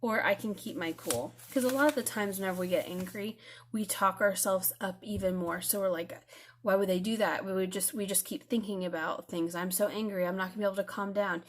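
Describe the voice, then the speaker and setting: A woman giving a video lesson to her students, talking in a gentle, reassuring way with some fillers. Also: mid-range voice.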